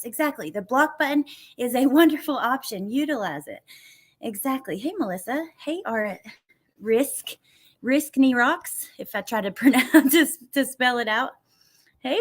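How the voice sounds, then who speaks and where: A woman's voice: fairly high pitch, expressive, moderate pace. A woman hosting a true crime livestream from home, chatting casually, greeting viewers by name and laughing easily. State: a little out of breath. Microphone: computer mic at desk.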